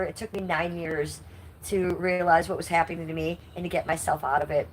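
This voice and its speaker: A woman's voice: fairly low pitch, a little hiss or hum, poor audio. A middle-aged woman with a nasal voice, talking bluntly and indignantly to her chat on a live stream. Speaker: livestreamer.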